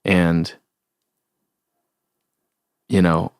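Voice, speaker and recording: A young adult man hosting a podcast, talking in an earnest, heartfelt and halting way. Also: low voice, flat delivery, vocal fry, smooth, dry recording, studio quality. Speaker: podcast host. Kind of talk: solo reflective podcast talk.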